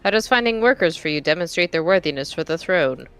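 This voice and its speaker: A woman's voice: lowish voice, lively intonation, quick pace, a bit bright, clean tone, faint music behind. A woman voicing an earnest young female claimant while reading game dialogue aloud.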